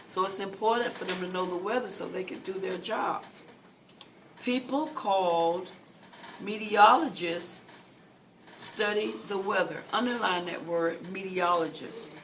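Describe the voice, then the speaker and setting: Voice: mid-range voice, fairly bright tone. Teacher repeating questions, heard from afar. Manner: patient, repeats questions and key words slowly. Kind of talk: classroom reading lesson. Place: classroom. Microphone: far from the mic. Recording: distant, noisy classroom recording.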